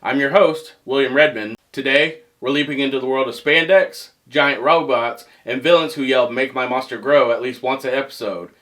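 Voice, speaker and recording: A man hosting a comedic movie review show, animated and joking, poking fun at himself. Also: mid-range voice, normal speed, hardly any pauses. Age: adult past teens. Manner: animated, joking, self-mocking.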